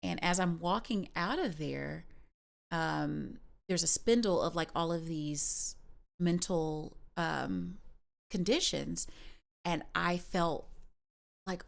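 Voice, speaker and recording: A woman's voice: on the low side, creaky. A woman streamer talking in a rambling, candid way, with many fillers and restarts. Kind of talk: casual personal chat on a livestream.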